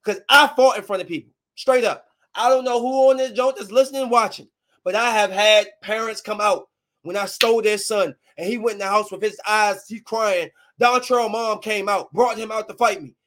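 A woman's voice: medium pitch, steady tone, normal speed, fairly bright tone. A woman in her thirties tells a heated personal story straight to her viewers. Her delivery is a fiery, slang-filled rant, emphatic and blunt from start to finish. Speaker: parent telling a story.

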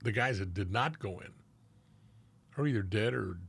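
A man's voice: on the low side, moderate pace, gravelly, a bit bright, husky. An older man, a former police officer from Los Angeles, telling street stories in a laid-back, casual chat and swearing freely. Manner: laid-back, swears freely, acts out old friends' voices. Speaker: retired police officer, guest.

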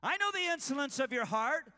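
A preacher acting out a sneering older brother. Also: male voice, very high-pitched, big pitch swings, brisk, sharp tone, in a large hall, pitched above the performer's own voice, exaggerated voice. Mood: condescending. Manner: sneering, belittling. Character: condescending older brother, scornful man.

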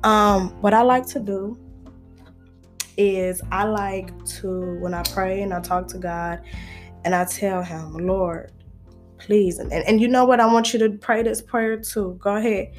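A woman's voice: medium pitch, steady tone, unhurried, soft background music. A woman vlogger, talking casually to her viewers, playful and preachy. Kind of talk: casual chat to camera.

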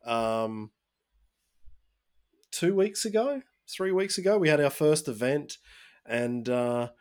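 A man's voice: fairly high pitch, lively intonation, slow pace, darkish tone, smooth. A man co-hosting a podcast, telling a story in casual chat and livening up when he quotes others. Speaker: podcast co-host.

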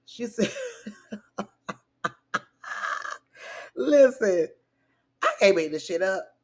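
Female gossip podcast host, slow and drawling, reads texts aloud with laughing asides. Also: on the high side, lively intonation, music in the background. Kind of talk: casual gossip commentary.

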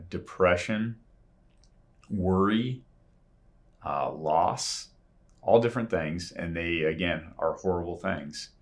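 Deep-voiced man preaching a sermon. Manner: earnest, conversational preaching with frequent pauses. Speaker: pastor.

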